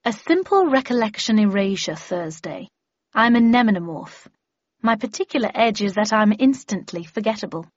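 A woman's voice: medium pitch, expressive, normal speed, dry recording, muffled recording, close to an everyday voice. A woman voicing a smug, sneering female villain who erases memories, in an audiobook reading. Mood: mocking. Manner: sneering, mocking, cold.

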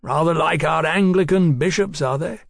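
A man playing a magisterial middle-aged museum curator, brisk and wry, in a storybook reading. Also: fairly high pitch, gravelly, no room sound, studio quality, voice pushed up.

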